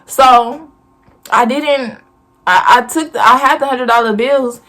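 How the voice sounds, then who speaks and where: A woman's voice: high voice, slow pace, fairly bright tone. Blunt, profane woman ranting a story. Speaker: vlogger. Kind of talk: casual storytime rant.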